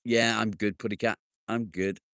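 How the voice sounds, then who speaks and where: A man's voice: fairly low pitch, flat delivery, normal speed, a bit bright, dry recording, studio quality. A man hosting a casual live stream outdoors in his garden, bantering with viewers, joking, and swearing now and then. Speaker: livestream host.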